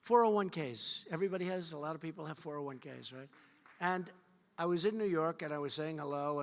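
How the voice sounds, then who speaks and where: A man's voice: fairly high pitch, sharp tone. A man giving a rally speech at a fundraiser, repetitive, boastful and rambling. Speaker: political speaker at a fundraiser. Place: large event hall. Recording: long hall reverb.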